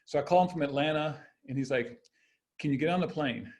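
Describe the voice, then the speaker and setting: A man's voice: on the high side, fairly quick, darkish tone. A man in his fifties, a former basketball player, telling stories on a podcast in a rambling way, with many restarts and laughs. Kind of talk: casual storytelling interview.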